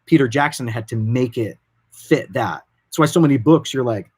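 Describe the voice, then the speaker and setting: Male production director, informal and animated, average pitch, telling studio stories. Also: fairly quick, husky. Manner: informal, animated, loose and rambling. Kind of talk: casual explanatory talk.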